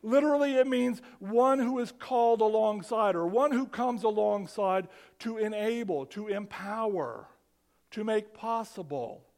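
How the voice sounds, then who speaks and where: High-voiced man preaching a conversational sermon. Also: measured pace. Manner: animated, conversational preaching with repeated restarts. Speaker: pastor.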